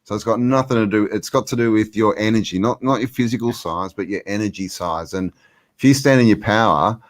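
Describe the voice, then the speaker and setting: A man's voice: lowish voice, brisk. A man hosting a casual livestream chat, rambling and emphatic, filling his talk with "you know". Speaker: host.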